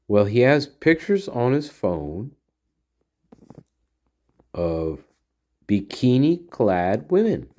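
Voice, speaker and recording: A man's voice: medium pitch, big pitch swings, very slow, long pauses, a little mellow. A man hosting a solo commentary show, rambling in a profane, sarcastic rant. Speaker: podcast host.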